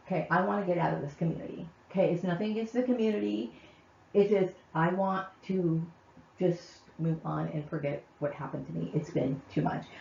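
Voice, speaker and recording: Angry woman ranting, gravelly and echoey. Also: fairly low pitch. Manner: heated, repetitive, keeps asking "okay?". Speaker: channel host. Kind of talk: angry vlog rant to camera. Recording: echoey, distant, muffled room sound.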